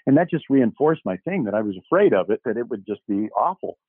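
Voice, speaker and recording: A man's voice: mid-range voice, quick pace, no room sound. Older man telling stories down a tinny line. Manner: animated storyteller who acts out quoted dialogue, with frequent restarts. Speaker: actor guest. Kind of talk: anecdotal interview storytelling. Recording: dry, tinny phone-like line.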